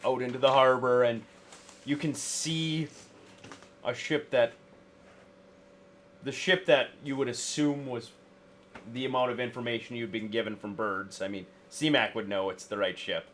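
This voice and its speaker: A man narrating as game master in a tabletop game, speaking in halting, casual sentences with fillers. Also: medium pitch, fairly even intonation, a bit bright, slight background noise.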